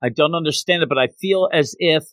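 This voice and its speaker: A man's voice: fairly high pitch, brisk, a bit bright, dry recording, lightly acted. A man voicing a wistful, troubled young woman who sounds dreamy and lovestruck.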